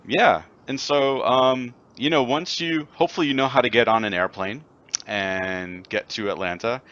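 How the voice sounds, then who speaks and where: A man's voice: mid-range voice, moderate pace, fairly bright tone, dull audio. A man co-hosting a casual chat show, easygoing and upbeat, sharing his own conference habits. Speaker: podcast co-host.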